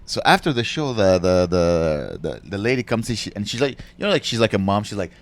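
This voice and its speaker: Brash low-voiced male comic telling stories. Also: fast talker. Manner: animated anecdote telling, brash and profane. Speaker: podcast host and stand-up comedian. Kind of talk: casual storytelling chat.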